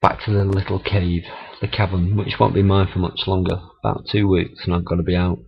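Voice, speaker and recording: A man's voice: sits low, little pitch movement, a little fast, creaky, a little hiss or hum. A middle-aged man, telling stories in a chatty, laughing, swearing vlog monologue. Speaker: vlogger. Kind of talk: casual storytelling monologue. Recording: dull lo-fi camera audio.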